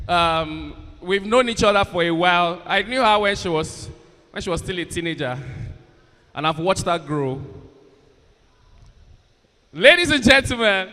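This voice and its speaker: A man with a high, pushed, bright voice serves as comedian and event MC on stage in a big university hall. He teases audience members and hypes up the crowd in a blend of stand-up banter and stage hosting, all heard over a PA with long hall reverb.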